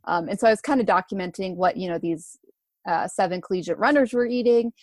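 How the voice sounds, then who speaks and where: A young woman in her twenties, a guest in a casual interview, talking in a relaxed, chatty way with many fillers. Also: mid-range voice, quick pace, no room sound, studio quality. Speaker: guest, runner and food blogger.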